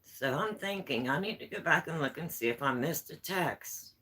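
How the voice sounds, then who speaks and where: A woman's voice: low-pitched, expressive, moderate pace, sharp tone, rough recording. A woman vlogger chatting at home, telling homespun stories in a rambling, easygoing way. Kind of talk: casual storytelling chat.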